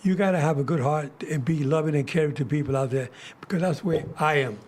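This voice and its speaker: Older male host, slightly higher voice, rambling anecdotes, casual talk show. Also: fast talker, darkish tone. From United States. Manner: rambling, many restarts and fillers. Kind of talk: casual storytelling chat.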